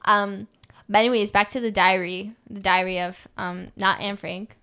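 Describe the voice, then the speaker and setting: Young woman podcast cohost, smooth clear voice, rambly, lots of likes and restarts. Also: mid-range voice, fairly even intonation, moderate pace, sharp tone. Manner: rambling, many fillers and restarts. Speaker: podcast co-host. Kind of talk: casual chat.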